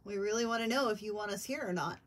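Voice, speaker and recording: Brief: female ghost hunter, husky voice, patient and coaxing, speaking in a house basement. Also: mid-range voice. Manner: slow, patient, coaxing questions. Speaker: paranormal investigator. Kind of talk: questioning spirits in a ghost hunt.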